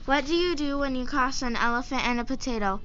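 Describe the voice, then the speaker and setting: A woman's voice: high-pitched, brisk, a bit bright, muffled recording, a little hiss or hum. A woman reading a vocabulary word and jokes in a school morning announcement. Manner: reads jokes aloud.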